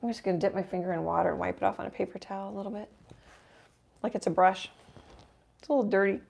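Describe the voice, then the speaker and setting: A middle-aged woman hosting a live painting stream, thinking aloud as she works and often dropping to a soft murmur. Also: mid-range voice, steady tone, quick pace, gravelly. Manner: self-deprecating, thinking aloud while working, drops to soft murmurs. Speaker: painting livestream host. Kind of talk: casual live painting chat.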